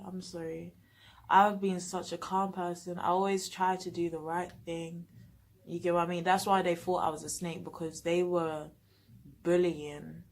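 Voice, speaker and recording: A young woman telling a storytime vlog in an animated, emphatic way, acting out the quoted dialogue. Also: low-pitched, creaky, a little hiss or hum. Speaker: vlogger.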